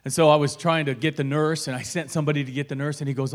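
Animated storytelling man, slightly high voice. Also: racing. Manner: acts out dialogue, swings from hushed to shouting. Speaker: guest telling his story.

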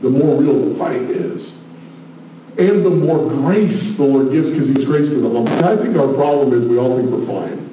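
A man preaching a sermon, passionate, moving between hushed asides and loud exclamations. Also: medium pitch, moderate pace, slight background noise. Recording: very echoey room, mic at a distance.

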